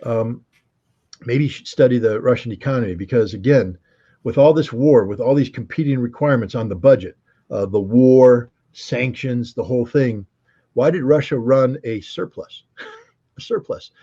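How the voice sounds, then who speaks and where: Man, interview guest, husky mellow voice, emphatic and sardonic, dull lo-fi sound. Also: mid-range voice, moderate pace. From United States. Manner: emphatic, sardonic, rhetorical questions. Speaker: guest commentator. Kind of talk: interview commentary. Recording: dull lo-fi recording.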